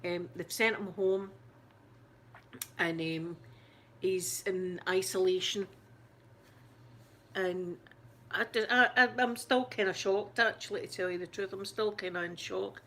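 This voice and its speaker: A Scottish woman chatting casually with her viewers, her voice shaken and close to tears. She talks haltingly, full of restarts and fillers, at a middling pitch for a woman. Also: fairly even intonation, bright, forceful tone. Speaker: ASMR channel host. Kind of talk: casual live chat.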